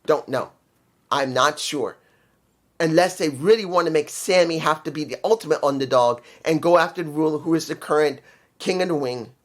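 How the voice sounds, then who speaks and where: A man in his fifties talks through his opinions in a loose, rambling way, with frequent frustrated asides. His voice sits a little higher than most men's. He sounds like a casual solo vlogger reviewing an event. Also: normal speed. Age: 50s. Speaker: wrestling commentary vlogger.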